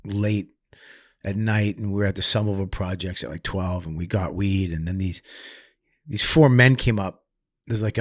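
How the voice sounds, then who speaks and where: A man's voice: on the low side, dry recording. A middle-aged man tells his story candidly as a podcast guest, swearing freely. He acts out the other people's lines with a sudden rise in volume. The sound is dry and close. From Massachusetts, US. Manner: profane, animated, acts out quotes loudly. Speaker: guest comedian.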